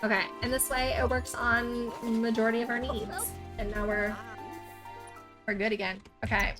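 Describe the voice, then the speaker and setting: A woman's voice: a little high, steady tone, normal speed, music in the background. A woman giving chatty let's-play commentary, peppered with "like" and "um". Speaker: gaming YouTuber.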